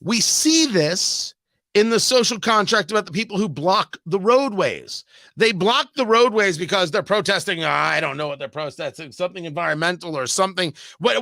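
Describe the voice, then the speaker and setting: A man's voice: high voice, pushed and bright, dry recording. A man hosting a radio talk show, delivering an emphatic, sarcastic political monologue full of rhetorical questions and repetition, on a close studio microphone.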